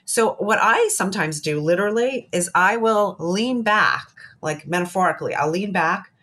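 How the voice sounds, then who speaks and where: A woman's voice: mid-range voice, normal speed, a bit bright. A woman speaking as a psychologist guest in an interview, earnest and emphatic, often repeating her key points. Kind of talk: interview conversation.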